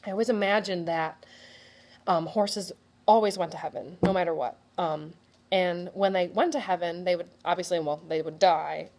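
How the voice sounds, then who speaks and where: A woman's voice: on the low side, steady tone, moderate pace, darkish tone. Rambling, chatty young woman. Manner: chatty and rambling, full of likes and ums, laughs often. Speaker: artist telling a personal story. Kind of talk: personal storytelling talk.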